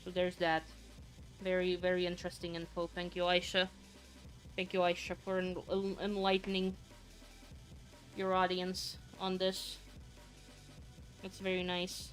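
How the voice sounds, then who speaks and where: A woman's voice: fairly low pitch, completely flat delivery, unhurried, long pauses, soft background music. A woman streamer chatting casually to her viewers, gushing and swearing freely in rambling asides. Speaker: vtuber streamer. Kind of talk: casual live-stream chat.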